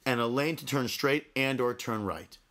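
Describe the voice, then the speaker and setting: A man's voice: mid-range voice, moderate pace, fairly bright tone. A man co-hosting a podcast, telling a story in casual chat, fired up and repeating himself as he goes. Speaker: podcast co-host.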